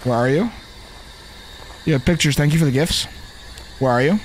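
A young man streaming a video game with excited, animated commentary, often firing the same questions again and again. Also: on the high side, moderate pace, a little hiss or hum. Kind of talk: live gameplay commentary.

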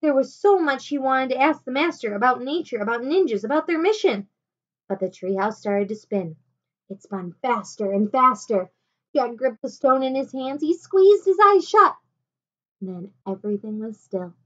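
A woman teacher reading a children's chapter book aloud at home, with expressive delivery. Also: fairly high pitch, normal speed, dull audio. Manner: expressive, animated. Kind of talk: storybook read-aloud.

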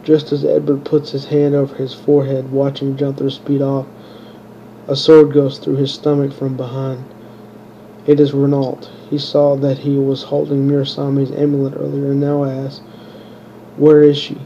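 Flat, dark-voiced man reading his own story. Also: mid-range voice, moderate pace, muffled recording, slight background noise. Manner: monotone reading with stumbles and restarts. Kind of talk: unpolished audiobook narration.

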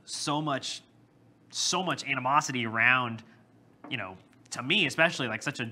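A man's voice: medium pitch, normal speed, bright, forceful tone. A man co-hosting a gaming podcast, chatty and easygoing, with frequent laughter. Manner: chatty, laughs often, lots of fillers. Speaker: podcast co-host. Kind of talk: casual chat.

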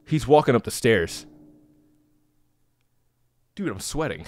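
Jittery horror gamer, male, bright lively voice that shoots up into yells. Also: fairly high pitch, unhurried, pauses often, no room sound. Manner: yells and screams when scared; jittery, nervous joking. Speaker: let's play gamer. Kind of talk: horror game playthrough commentary.

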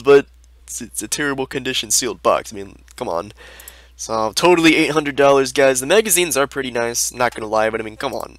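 A man's voice: medium pitch, fairly bright tone, no room sound. A young man giving sarcastic, exasperated commentary as a video host, ranting over screen listings. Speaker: YouTube host reviewing card listings.

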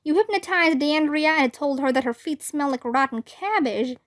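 Woman doing a stern ghost teacher man reading off a list of bad stuff, highish voice. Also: moderate pace, lightly acted. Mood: scolding. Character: stern male ghost teacher listing misdeeds.

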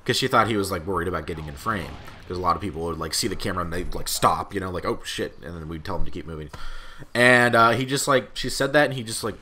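A man's voice: deep voice, quick pace, sharp tone, husky. A young man rambling through casual gameplay commentary, swearing often and filling his talk with "like" and "uh". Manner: rambling and profane, heavy with fillers. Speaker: gaming channel host.

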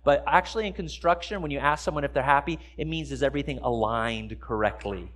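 A man's voice: a little high, quick pace, few pauses, fairly bright tone. A man preaching a sermon in a church, talking in a conversational way and putting questions to the congregation. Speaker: pastor. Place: church sanctuary.

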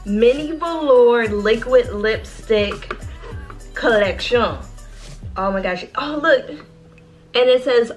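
An excitable woman with a fairly high voice narrates a casual unboxing vlog from home, gushing and calling her viewers "y'all." Her chatter bounces along eagerly. Soft music plays faintly underneath. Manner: bubbly, excitable, talks straight to viewers as "y'all". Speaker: beauty vlogger.

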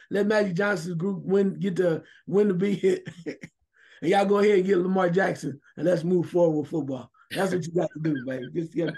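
High-voiced, fired-up male sports talker. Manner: animated, emphatic, shouts at times. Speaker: sports radio co-host. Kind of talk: opinionated sports talk radio.

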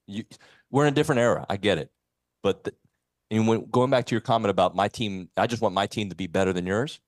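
Low-pitched guy co-hosting sports radio, dry close studio sound, chatty and animated. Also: quick pace, dry recording. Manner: animated, reads live sponsor reads. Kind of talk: casual sports talk.

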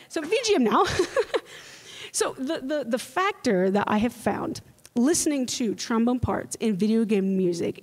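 A young woman giving a playful, animated panel talk as a trombonist at a convention. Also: a little high. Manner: animated, playful, mimics voices. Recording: reverberant hall.

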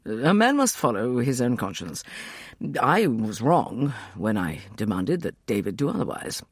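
Audiobook: male reader as a soft, hesitant older man. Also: mid-range voice, big pitch swings, unhurried, breathy edge, no echo, studio quality, exaggerated voice. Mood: gentle. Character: gentle hesitant older scholar.

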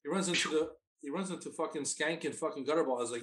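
Higher-voiced man recapping a movie. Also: quick pace, noisy background. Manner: profane, retells movie scenes step by step. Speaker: podcast co-host. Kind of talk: casual movie-review banter.

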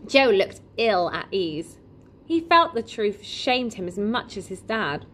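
A woman reading a children's novel aloud in an expressive, lively storytelling manner. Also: medium pitch, moderate pace, slight background noise. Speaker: reader.

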